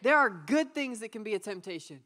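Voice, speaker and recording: Woman, youth pastor, young adult, lively playful sermon, audience call and response. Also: mid-range voice, brisk. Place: church youth service.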